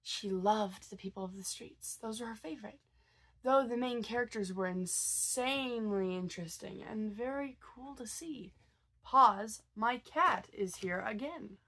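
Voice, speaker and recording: A woman's voice: mid-range voice, normal speed, fairly bright tone. A woman vlogger with a cold, sounding tired as she tells a story in a loose, casual way. She hesitates a lot and trails into fillers and restarts. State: sick, tired.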